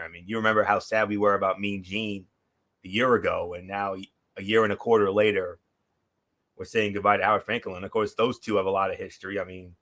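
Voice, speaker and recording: A man's voice: on the low side, sharp tone. A man hosting a casual wrestling talk show, rambling through memories with many fillers and restarts. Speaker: podcast host.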